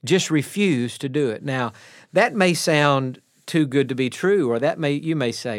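A man preaching a radio sermon in an earnest, plainspoken way, slowing down to stress key words. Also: on the high side, expressive, no echo, clean studio sound.

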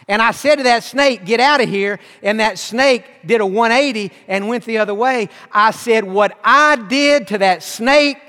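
A man's voice: high voice, bright, forceful tone. A man preaching a sermon, telling a folksy story with humor and building emphasis. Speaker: pastor. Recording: long hall reverb.

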